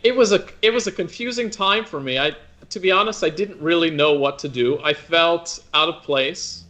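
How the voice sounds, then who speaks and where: A man in his thirties, an opera singer being interviewed, speaks in a bright, forward voice. He pitches a little above most men and talks thoughtfully, circling back with restarts and "you know" as he gathers his thoughts. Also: normal speed. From United States. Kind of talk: conversational interview.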